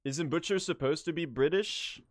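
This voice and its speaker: A man's voice: a little high, moderate pace. A young man streaming a game speedrun, chatting casually in a rambling, self-deprecating way and laughing often.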